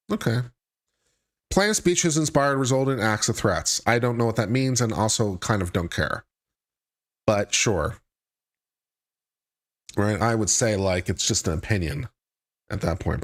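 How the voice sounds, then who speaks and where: A man hosting a live stream, reading a court filing aloud and breaking off into dry, sarcastic commentary. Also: on the low side. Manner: reads legal text aloud then breaks off into sarcastic asides. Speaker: legal commentary host.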